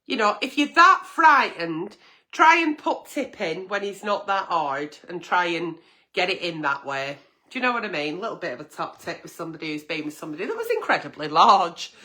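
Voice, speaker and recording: A woman's voice: lowish voice, big pitch swings, brisk, sharp tone. A woman hosting a late-night agony-aunt stream, answering viewer letters bluntly and frankly, swearing freely. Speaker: host reading viewer letters.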